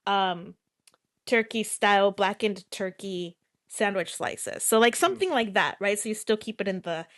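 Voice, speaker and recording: A woman's voice: mid-range voice, lively intonation, normal speed, a bit bright, no room sound, clean studio sound. A woman co-hosting a podcast in casual chat, talkative and playful, laughing often. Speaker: podcast co-host.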